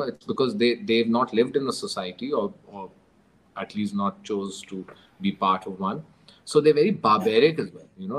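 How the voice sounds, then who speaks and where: A man, a guest author in an interview, telling animated stories, dropping in Urdu phrases and laughing through grim moments. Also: medium pitch, poor audio. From Pakistan. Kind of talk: storytelling interview.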